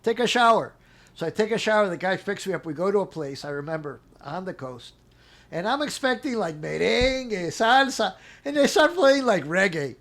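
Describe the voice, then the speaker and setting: A middle-aged man with a high-pitched voice speaks at normal speed as an interview guest, casually telling a long personal story. Animated throughout, he acts out quotes and laughs as he goes.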